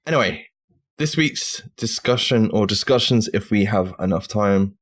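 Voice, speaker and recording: A man from the UK hosting a casual gaming podcast with friends, running the segments and swearing freely in the banter. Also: lowish voice. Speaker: podcast host.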